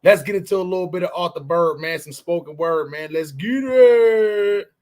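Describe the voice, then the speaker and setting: A man's voice: on the high side, steady tone, fast. A man co-hosting a podcast in casual chat, loose and conversational, often asking "you know what I'm saying". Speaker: podcast co-host.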